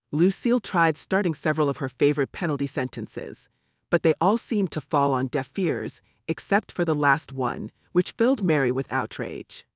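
A man's voice: a little high, expressive, normal speed, no room sound. Male audiobook narrator, dry and close.

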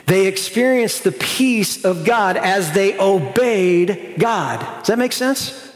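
A pastor giving a sermon, earnest and conversational, slowing down to stress key lines. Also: male voice, sits high, animated. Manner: earnest, conversational preaching with slow emphatic stretches. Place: church sanctuary. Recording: long hall reverb.

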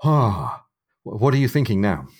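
Man, podcast co-host, book discussion, low voice, retells the plot. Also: sing-song, normal speed, slightly rough. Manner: retells the plot and reads passages aloud.

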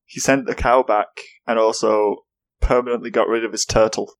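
A woman's voice: a bass voice, steady tone, normal speed. A woman co-hosting a podcast in casual chat, with a wry, dramatic way of talking. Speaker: podcast co-host.

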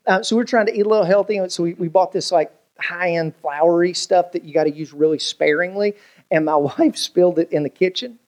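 Joking pastor telling stories in a sermon. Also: male voice, high-pitched, brisk. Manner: humorous storytelling, animated quoted voices.

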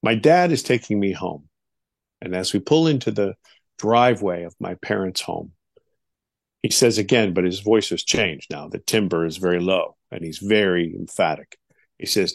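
Gravelly middle-aged man telling a story. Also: low voice, normal speed, no echo, studio quality. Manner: animated, acts out quoted voices, many fillers. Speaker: guest. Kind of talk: interview storytelling.

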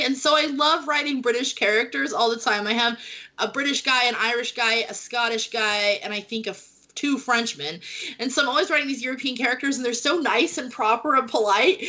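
A woman's voice: high-pitched, sharp tone, rough recording. An American woman, a romance author and speech teacher, chatting on a panel and laughing often as she quotes people. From United States. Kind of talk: casual panel chat.

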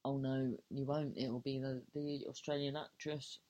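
Her voice is a rumbling low with a level, dark tone, delivered at a moderate pace on dull-sounding audio. A comedian alone on her podcast, she riffs through a silly improvised tale, starting over repeatedly, swearing without restraint and mocking herself.

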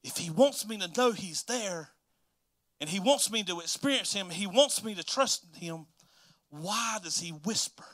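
High, bright-voiced preaching pastor. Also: male voice, lively intonation, normal speed. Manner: swings between hushed, soft delivery and loud, emphatic preaching; repetitive, rhythmic preaching phrases. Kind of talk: sermon.

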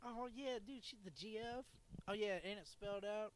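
A man's voice: sits high, moderate pace. A man co-hosting a podcast, talking in crude, casual banter, often laughing and swearing. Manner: laughing often, profane and animated. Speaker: podcast co-host.

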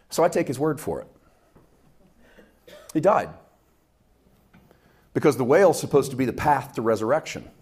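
A man preaching a sermon from Canada, animated, swinging between loud outbursts and quiet asides as he acts out quotes. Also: slightly rough. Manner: animated preaching with big swings in loudness and pitch, acting out quotes. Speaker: pastor.

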